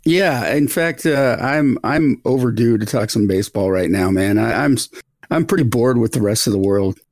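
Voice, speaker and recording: Gravelly-voiced laid-back male co-host. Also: medium pitch, moderate pace, darkish tone, no echo. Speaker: podcast co-host. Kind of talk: casual podcast chat.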